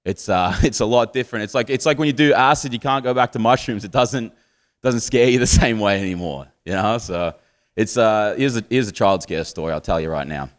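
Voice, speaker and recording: A man's voice: lowish voice, a little fast. An Australian man in his twenties doing a stand-up comedy set on stage, with swearing, boozy, self-mocking banter to the crowd.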